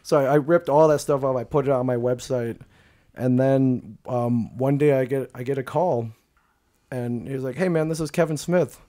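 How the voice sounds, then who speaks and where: A man chatting as a podcast guest at a middle pitch. He is animated and laughs a lot, and he puts on the voices of people in his story. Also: moderate pace. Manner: animated, laughs often, acts out quotes.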